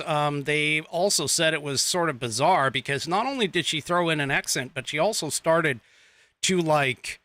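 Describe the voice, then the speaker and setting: A male podcast host delivers a political monologue at an unhurried, drawn-out pace, with a bright, forward tone. He halts often, restarts his sentences, and slips in sarcastic asides. The sound is dry and close, with no room echo. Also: on the high side. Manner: rambling, halting with many fillers and restarts, sarcastic asides.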